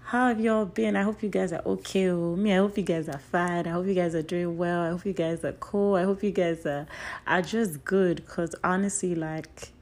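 Young woman podcast host, lowish voice, super effusive, repeats herself a lot, goes from excited bursts to quiet little asides. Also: moderate pace. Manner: effusive, repeats phrases for emphasis; swings between excited bursts and soft trailing asides. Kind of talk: solo podcast chat.

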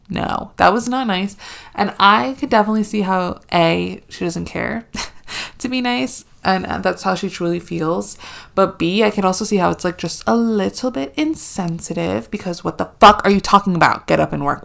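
A young woman hosting a casual solo podcast, sarcastic and animated, swearing freely as she rants. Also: on the low side, moderate pace, gravelly. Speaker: podcast host.

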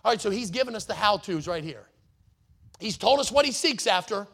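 Guy preaching a sunday sermon, pretty high voice, leans hard on key words. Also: animated, vocal fry, fairly bright tone. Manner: emphatic preaching, slows down to stress words. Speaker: pastor.

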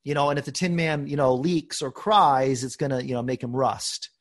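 A man hosting a podcast, talking earnestly and openly about his own life, with bursts of laughter and animated emphasis. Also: mid-range voice, normal speed. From United States. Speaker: podcast host. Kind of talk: conversational podcast talk.

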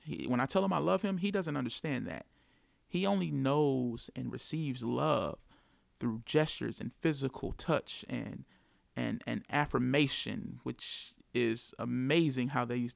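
Earnest gravelly-voiced American man. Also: medium pitch, no echo, clean studio sound. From United States. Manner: earnest, repeats key phrases for emphasis. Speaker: father sharing his parenting story. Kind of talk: personal reflective monologue.

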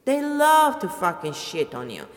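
A woman's voice: fairly low pitch, huge pitch swings, a little slow, big-room sound. A middle-aged woman, ranting bluntly and swearing freely in a rambling personal vlog. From Italy. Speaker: vlogger. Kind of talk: personal rant to camera.

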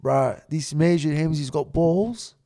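A man telling a story in a casual interview, animated and full of slang and swearing. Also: on the high side, measured pace, gravelly. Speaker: guest.

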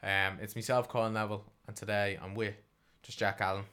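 A man's voice: on the low side, level tone, brisk, pushed and bright, clean tone. A young man, co-hosting a podcast in casual, jokey chat. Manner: chatty, jokey, drops playful put-on voices. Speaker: podcast co-host.

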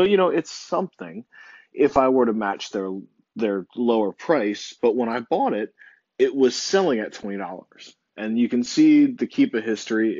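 A man's voice: lowish voice, darkish tone, dry recording. Man thinking aloud, dry dull recording. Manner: thinking aloud, hesitant, with fillers. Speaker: online seller. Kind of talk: casual talk to camera.

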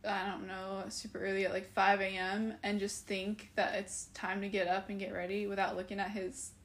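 A woman's voice: medium pitch, flat delivery, moderate pace. A young adult woman in casual podcast chat, telling rambling anecdotes full of fillers. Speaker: podcast co-host or guest.

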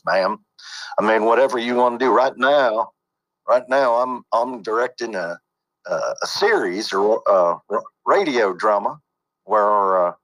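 A man's voice: on the low side, fairly bright tone, rough recording. A man who works as a voice actor and coach, talking casually in an interview with many fillers and restarts.

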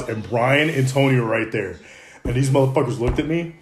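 A man in his thirties hosting a podcast, telling profane, animated stories to friends in his kitchen. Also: medium pitch, brisk. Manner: profane, animated storyteller who laughs a lot. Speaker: podcast host. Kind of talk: casual storytelling among friends. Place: home kitchen.

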